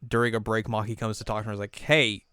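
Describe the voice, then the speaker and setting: A man co-hosting a casual chat, retelling an anime episode in a rambling, animated way. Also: lowish voice, racing, clean tone, dry recording, clean studio sound. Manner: rambling, animated storytelling with laughs. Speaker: co-host.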